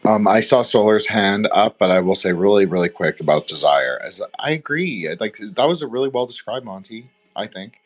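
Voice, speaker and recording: A man's voice: lowish voice, lively intonation, a little fast, few pauses, dull audio. A man co-hosting a roundtable podcast, talking in a loose, rambling way full of fillers. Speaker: podcast co-host. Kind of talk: casual roundtable discussion.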